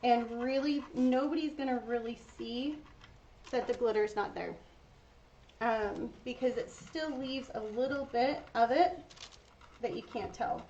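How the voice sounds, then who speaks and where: A woman's voice: fairly high pitch, unhurried, warm tone. A woman hosting a casual painting tutorial, chatting to her viewers while she works. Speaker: craft tutorial host. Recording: dull lo-fi sound with faint noise.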